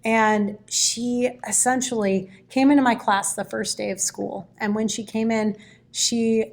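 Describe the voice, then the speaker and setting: A woman educator tells a classroom story with real animation, her voice rising and falling as she goes. Her voice sits a little higher than most women's. She talks through it as a guest in a relaxed conversation. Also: a little slow.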